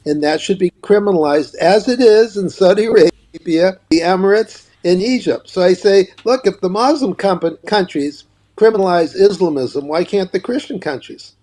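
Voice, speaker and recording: Older man, emphatic and high-pitched. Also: moderate pace, mellow. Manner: emphatic, repeats words when starting a point. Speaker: author and guest. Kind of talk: political interview.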